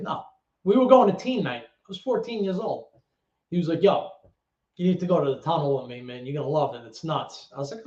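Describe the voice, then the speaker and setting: In a casual storytelling interview, a middle-aged Bronx, New York man who once worked as an actor and DJ swears freely and slips into other people's voices with streetwise energy. His voice runs slightly high for a man, and the echoey room gives a dull, lo-fi sound.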